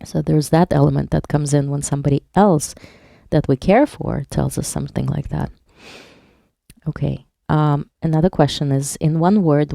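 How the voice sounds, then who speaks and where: Low, gravelly-voiced woman workshop leader. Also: mellow, no room sound, clean studio sound. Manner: reads viewer chat aloud and explains patiently; plays on words while teaching. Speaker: hypnotherapist leading a workshop. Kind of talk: live online workshop talk.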